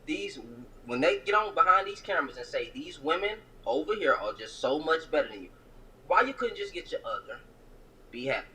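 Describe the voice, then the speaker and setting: A man's voice: fairly high pitch, big pitch swings, a little fast, bright, forceful tone, slight background noise, low-quality recording. A man speaking as a guest on a panel call, earnestly explaining and defending his point. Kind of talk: casual debate on a call.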